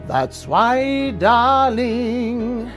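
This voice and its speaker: Man doing a female crooner, falsetto, very high, slow tender ballad, faint music. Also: lively intonation, a bit bright, exaggerated voice. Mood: tender singing. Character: impression of a female singer in a high voice.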